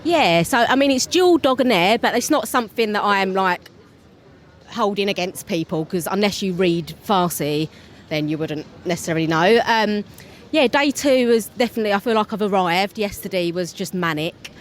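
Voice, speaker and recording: A young woman with a Cockney accent talks as an interview guest, sounding tired and a bit scatterbrained. She chats loosely and laughs often, her voice sitting at an ordinary pitch for a woman. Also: normal speed, slight background noise. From England. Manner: giggly, scatterbrained and chatty. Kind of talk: casual interview.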